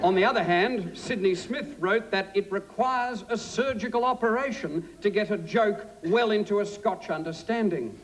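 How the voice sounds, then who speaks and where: A male moderator introduces each speaker with dry, pun-heavy wit. His voice sits high for a man. Clear noise runs beneath the broadcast recording. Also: moderate pace, few pauses, a crowd in the background. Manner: dry, wordplay-laden. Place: theatre stage.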